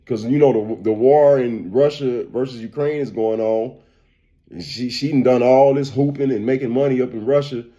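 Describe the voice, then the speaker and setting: A man who is a barber and vlogger, giving a casual, animated opinion rant and repeating "man" and "bro.". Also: medium pitch, moderate pace.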